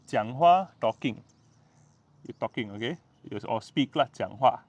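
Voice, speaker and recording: A man's voice: mid-range voice, lively intonation, unhurried, a little mellow, no echo, highs cut off. A man with a Malaysian English accent teaching in a casual vlog lesson, patiently repeating words and tagging sentences with "lah" and "ah". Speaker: language tutor.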